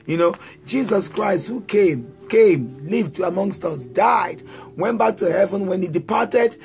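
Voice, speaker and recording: Sing-song preaching man, high voice. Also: lively intonation, unhurried, gravelly, darkish tone, soft background music. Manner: sing-song chanted declarations, repetitive call-and-response prompts. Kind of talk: sermon prayer.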